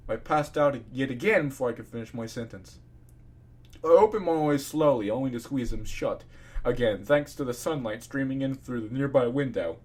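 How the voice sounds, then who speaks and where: A man reading fan fiction aloud in a casual, expressive way, breaking off into ranting asides. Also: medium pitch, moderate pace. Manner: expressive, swings between narration and ranting asides.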